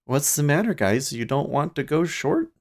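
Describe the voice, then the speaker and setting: A man hosting a day trading livestream, casually thinking out loud in a relaxed, drowsy, rambling way. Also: a little high, moderate pace. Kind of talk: casual live market commentary. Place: home trading desk with large screens.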